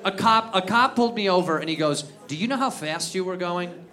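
Loud and profane, a high-pitched American man rants through a fairly quick stand-up set, acting out the people he quotes. The audio comes from a live comedy club, with the audience laughing and making noise throughout.

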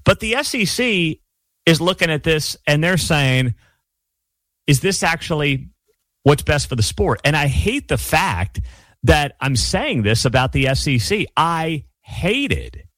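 A man hosting his own college football channel, giving blunt opinionated commentary with sarcastic asides and animated rants. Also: on the high side, measured pace, no echo.

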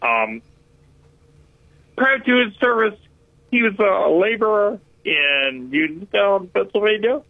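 Male caller, slightly high and gravelly voice, halting and emotional, tinny phone line. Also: sing-song, no echo. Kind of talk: phone-in call.

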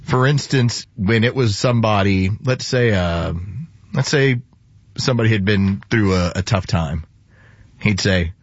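Husky low-voiced radio man, teasing. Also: a little slow, dry recording, highs cut off. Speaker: radio co-host. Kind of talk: casual radio chat.

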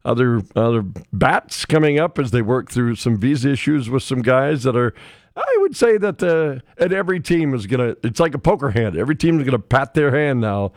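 A man's voice: mid-range voice, sing-song, a little fast, dry recording. A man hosting a sports radio show, chatting casually and reading local scores with folksy asides into a studio microphone.

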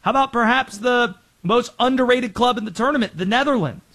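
A man hosting a sports talk show, giving brisk, opinionated commentary and rattling off players and teams. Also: extremely high pitch, fairly bright tone.

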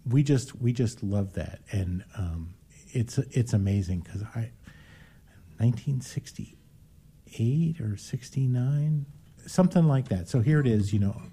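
A man in his sixties hosting a casual interview, speaking hesitantly with many pauses and restarts. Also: medium pitch, animated, warm tone, husky. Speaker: host.

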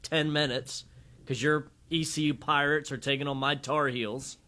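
A man's voice: fairly high pitch, steady tone, moderate pace, sharp tone. A man co-hosting sports talk radio and giving upbeat, emphatic score updates.

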